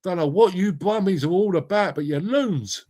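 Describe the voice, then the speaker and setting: A middle-aged man hosts a relaxed live chat and speaks with a fairly high voice. He is matey and swears without holding back, and he calls out his viewers one by one by name. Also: moderate pace. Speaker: live stream host reading chat. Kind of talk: casual chat.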